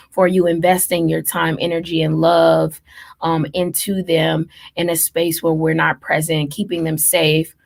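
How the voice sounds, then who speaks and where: A woman's voice: low-pitched, creaky. A woman in her thirties hosting a live stream, earnestly listing her thanks in long runs with frequent ums. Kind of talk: heartfelt live-stream address.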